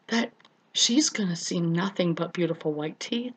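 A woman's voice: fairly low pitch, expressive, normal speed, husky, poor audio. A middle-aged woman telling her own story in an earnest personal vlog, speaking straight to her viewers as friends and repeating words for emphasis. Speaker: vlogger.

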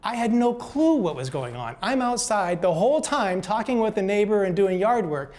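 Older man telling folksy, gentle stories. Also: high voice, sing-song, moderate pace. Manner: gentle, folksy, repeats words. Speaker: speaker. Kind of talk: motivational storytelling talk.

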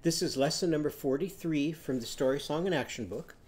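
A man teaching a phonics lesson to young children, patient and clear, leading sing-along sound games. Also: fairly high pitch, a little fast, darkish tone. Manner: sings call-and-response animal sounds.

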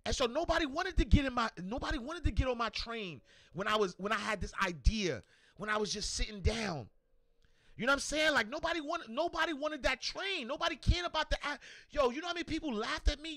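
A man hosting a motivational livestream, animated and slangy, repeating himself and shouting out viewers. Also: very high voice, no echo, clean studio sound. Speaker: show host.

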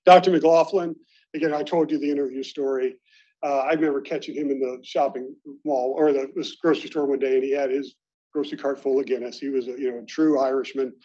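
On a dull, lo-fi recording, a middle-aged man from Baltimore talks fast in a mellow, mid-range voice with fairly even intonation. At an alumni meeting, he shares conversational, self-deprecating anecdotes with colleagues.

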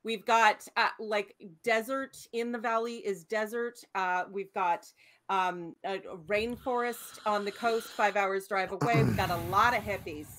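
A woman's voice: medium pitch, measured pace, fairly bright tone. A woman from British Columbia chatting playfully on a panel. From British Columbia, Canada. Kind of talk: casual group chat.

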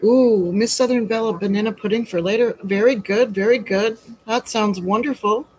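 A woman's voice: mid-range voice, normal speed, darkish tone, breathy edge, poor audio. A woman hosting a chatty baking demo from her home kitchen, asking rhetorical questions and calling her viewers sweetie and honey. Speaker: home baker and host.

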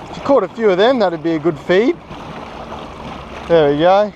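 Out on open water on a small raft, a young Australian man vlogs his fishing trip with casual, self-deprecating jokes and chatter. His voice is high-pitched, a little mellow, and lively in intonation at a normal pace, while music plays behind him; the audio is dull with slight hiss or hum.

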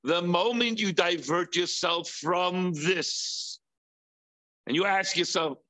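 Preaching slowly with a bright, forceful tone, the rabbi asks pointed rhetorical questions. He imitates impulsive voices by shifting into a whiny, high register.

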